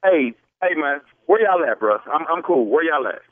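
A man's voice: on the high side, animated, normal speed, no echo. A man on a heated phone call, repeating questions and using street slang, over a tinny phone line. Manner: agitated, repetitive, street slang. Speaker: prank call victim.

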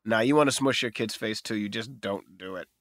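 Animated storytelling man, bright voice. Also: fairly quick, dry recording, clean studio sound. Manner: animated storyteller, jumps high for voices, emphatic. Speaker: podcast co-host. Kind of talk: casual chat.

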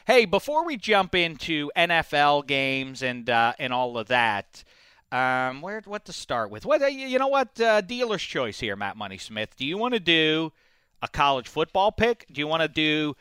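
A man's voice: fairly high pitch, sing-song, normal speed, pushed and bright, clean tone, dry recording, studio quality. A man in his forties from the Pittsburgh area with a faint Pittsburgh accent, hosting sports radio in a rambling, jokey way. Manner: rambling, jokey, many restarts. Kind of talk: casual radio banter.

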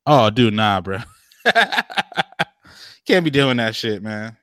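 Young guy chatting, slangy and swearing a lot, pitch all over the place, dry close sound. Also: lively intonation, slow, fairly bright tone, no echo. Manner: slangy, profane, laughing often, acts out quoted voices. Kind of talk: casual chat.

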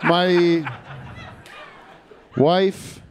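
A man performing a stand-up comedy bit as a guest, with halting, stumbling delivery and frequent restarts. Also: high-pitched, fairly even intonation, a crowd in the background, background noise.

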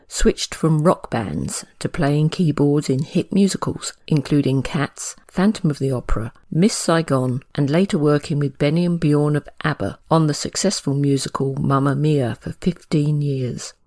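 A woman journalist hosting an interview, asking questions and reading a measured scripted introduction. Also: low-pitched, darkish tone. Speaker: host and journalist.

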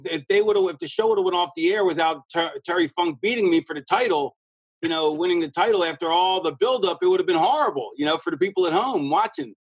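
A man with a husky, slightly raised voice rambles through a backstage story as a guest, restarting sentences and acting out quoted lines. He sounds close and dry, with no room around him. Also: on the high side, dry recording, low-quality recording. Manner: rambling, animated, lots of restarts and quoted dialogue. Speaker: guest, former pro wrestler. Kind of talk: casual storytelling in an interview.

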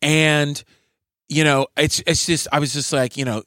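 A man's voice: on the high side, little pitch movement, measured pace, dry recording, studio quality. A man, a comedian and podcast co-host, telling a story in casual chat, acting out the people in it and swearing freely. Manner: acts out quotes of hecklers and himself, swinging up loud for them.

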